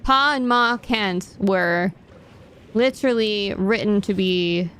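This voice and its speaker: A woman's voice: medium pitch, slow, a bit bright, slight background noise. A young woman streamer chatting casually and rambling to herself as she plays a game. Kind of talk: casual chat while gaming.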